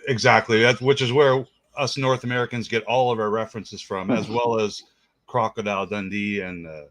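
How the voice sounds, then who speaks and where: A man from Canada hosts a relaxed livestream chat and greets viewers from the chat with an upbeat manner. His voice is close and dry, with no room sound around it. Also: lowish voice, brisk, dry recording. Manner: upbeat, reads out chat names. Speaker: host.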